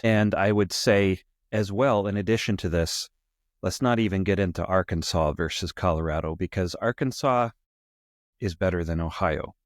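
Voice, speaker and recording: A man's voice: low-pitched, normal speed, dry recording, studio quality. A man, a priest co-hosting a show, chatting casually in a wry, mock-gracious way, rambling and restarting his sentences. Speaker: priest co-host. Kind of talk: casual commentary chat.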